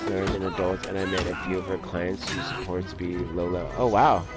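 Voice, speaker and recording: A man's voice: low voice, level tone, fairly quick, over loud music. A man streaming a game, telling rambling stories between play, filler-heavy and casual. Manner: rambling storyteller, lots of "like" and "dude". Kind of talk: casual let's play commentary.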